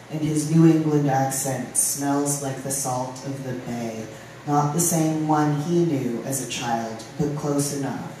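A poet from Ohio reading poems aloud at a live open mic, with halting, filler-laden chat between poems. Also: medium pitch, mellow, slight background noise. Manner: reads poems, chats with fillers between them. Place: live venue room. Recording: very echoey room from a distance.

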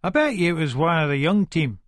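A man's voice: a little high, sing-song, brisk, dry recording, clean studio sound. An actor with an Edinburgh Scots accent voicing a crude, gossiping male pub drinker in an audiobook. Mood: gloating. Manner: crude, boastful.

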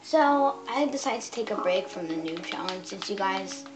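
A woman's voice: medium pitch, expressive, normal speed, noisy background. A woman hosting a casual game tutorial, chatty and bossy as she explains and shushes a friend. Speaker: gaming channel host. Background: background music.

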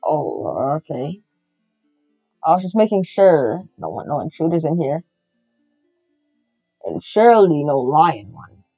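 Foxy, someone doing a gruff pirate fox. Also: mid-range voice, sing-song, mellow, voice pushed down, full character voice. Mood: wary. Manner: pirate talk, slow and guarded. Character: gruff pirate fox animatronic, male, suspicious. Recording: slightly muffled with faint music.

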